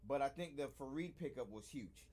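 A man's voice: medium pitch, expressive, a little fast, a little mellow. A man co-hosting a live sports podcast, casually and insistently arguing his points. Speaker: podcast co-host.

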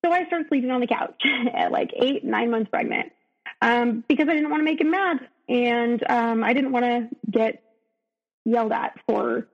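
A woman's voice: a little high, creaky. A woman telling her own story as a podcast guest, earnest and emotional, often breaking off and restarting. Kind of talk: candid personal storytelling in an interview. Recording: dull, lo-fi sound.

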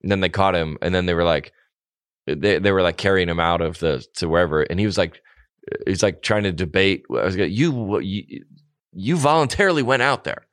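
A man's voice: low-pitched, fairly even intonation, fairly quick, clean tone, no echo, clean studio sound. A man co-hosting a podcast, ranting animatedly in casual chat and mocking people with put-on quotes. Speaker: podcast co-host.

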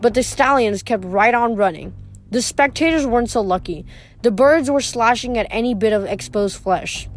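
A woman reading a novel aloud as an amateur audiobook, with frequent slips and restarts. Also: fairly high pitch. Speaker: audiobook reader.

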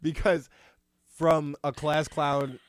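A podcast host in a casual chat, joking with quick comebacks. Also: mid-range voice, little pitch movement, dry recording.

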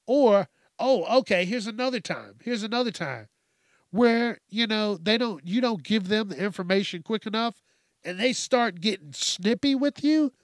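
A man's voice: high-pitched, expressive, normal speed, dry recording, studio quality. A man hosting a podcast, ranting casually and comically, swearing a lot and laughing between lines. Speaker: podcast host. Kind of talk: casual comedic rant.

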